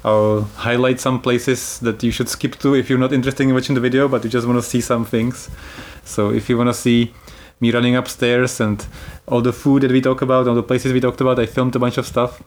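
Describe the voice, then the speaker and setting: A man's voice: mid-range voice, flat delivery, a little fast, hardly any pauses, darkish tone. Chatty man hosting a travel podcast. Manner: chatty, explanatory, laughs easily. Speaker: podcast host. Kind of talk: casual podcast chat.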